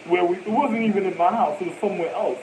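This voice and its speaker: A young man with a fairly high voice tells a long story in an animated, rambling way. He drops frequent street slang and profanity and keeps repeating himself. A faint hiss runs underneath the talk. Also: fast, low-quality recording. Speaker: vlogger.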